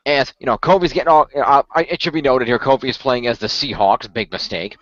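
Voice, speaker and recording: A man hosts a podcast in casual chat, rambling with plenty of fillers and restarts. His medium-pitched voice is brisk and fairly bright, and the audio is muffled, lo-fi, and dry with no room sound.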